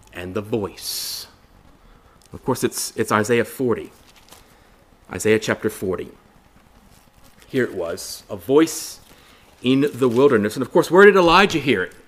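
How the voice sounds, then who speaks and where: A man's voice: medium pitch, fairly bright tone. A man preaching a Bible study sermon in an earnest way, asking rhetorical questions, repeating phrases and calling listeners brothers and sisters.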